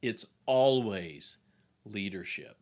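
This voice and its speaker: A man voicing a steady younger male general while retelling a film scene, speaking low, quiet and measured. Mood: grave.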